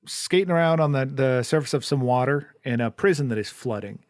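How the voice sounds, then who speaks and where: A man's voice: mid-range voice, animated, fairly quick, no room sound. A man co-hosting a podcast, chatting casually about a film and rambling through restarts and fillers. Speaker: podcast co-host. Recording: dry, close-miked basement studio.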